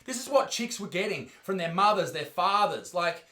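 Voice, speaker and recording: A young Australian man doing loud, profane comedic commentary, mocking and ranting as the host. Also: sits high, expressive, moderate pace, echoey room. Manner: loud, sweary, mocking rants.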